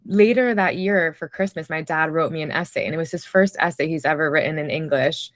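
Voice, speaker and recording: A woman's voice: low-pitched, brisk, no echo, clean studio sound. A woman telling personal stories in a casual conversation, reflective and chatty, with many fillers. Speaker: podcast guest, writer.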